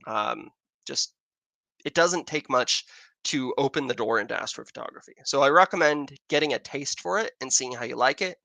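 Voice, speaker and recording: On a casual astronomy stream from the Arizona outdoors, an American man answers viewer questions in a rambling way next to his telescope. He talks at normal speed and medium pitch, with vocal fry and a bright, forceful tone, in a recording free of room sound.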